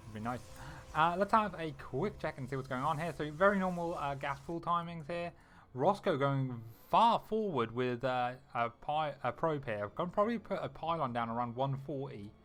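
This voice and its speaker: A young man calling a live strategy game match on his own. His voice sits at an everyday middle pitch, and he talks with excitable energy, jumping on each play with a laugh or a gasp. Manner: excitable, quick reactions, frequent laughs. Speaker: esports caster. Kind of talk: solo live game commentary.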